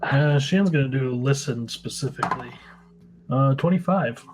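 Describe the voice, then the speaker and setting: A man's voice: medium pitch, moderate pace, over music. A man playing a tabletop game, plainly stating what his character does. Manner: matter-of-fact, stating his actions plainly. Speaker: player. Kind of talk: casual tabletop chat.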